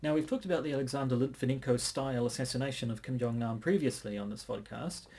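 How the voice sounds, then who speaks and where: A man co-hosting a casual podcast, measured and hesitant, often restarting his sentences. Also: mid-range voice, dark tone, slightly rough. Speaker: podcast co-host.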